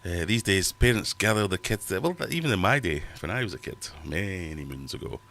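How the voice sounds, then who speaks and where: A middle-aged man with a very low voice hosts a livestream from his fish room at home. He reads out viewer comments and rambles on in a chatty, self-mocking way. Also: very animated, fairly quick, gravelly, sharp tone. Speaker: livestream host. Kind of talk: casual livestream chat reading viewer comments.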